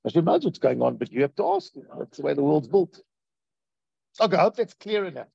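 A man teaching a Torah class in a lively way, acting out quoted voices and asking his listeners questions, on a dull lo-fi recording. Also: fairly high pitch, brisk, vocal fry, breathy edge, dry recording.

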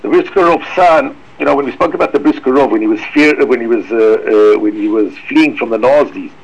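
A man giving an emphatic religious lecture, sprinkling in Hebrew and Yiddish terms, with sudden high swoops for emphasis. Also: a little fast, gravelly, slightly rough, muffled recording. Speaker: rabbi giving a talk. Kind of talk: Torah lecture.

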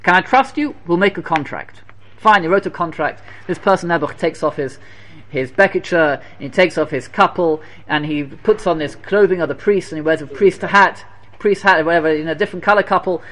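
A man delivers a sermon as a lively story, often repeating phrases for effect. His voice sits a touch higher than most men's, and he mixes Hebrew and Yiddish terms into his English. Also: a little fast. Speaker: preacher telling a Torah story.

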